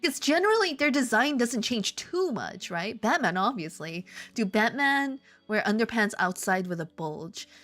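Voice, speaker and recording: A woman's voice: a little high, sing-song, normal speed, few pauses, a bit bright, soft background music. A woman streaming casually while she draws, playful and rambling, with theatrical outbursts. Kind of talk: casual live-stream chat while drawing.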